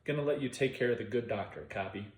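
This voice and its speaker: A man voicing a gruff, short-tempered small-town police chief who talks bluntly and swears. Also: medium pitch, quick pace, natural voice. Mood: curt. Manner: blunt, profane, drawling. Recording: roomy echo.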